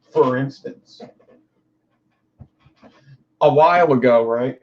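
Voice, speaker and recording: A young man with a mid-range voice hosts a livestream, speaking slowly over dull-sounding audio. He rambles through casual chat, swears freely and addresses his viewers directly.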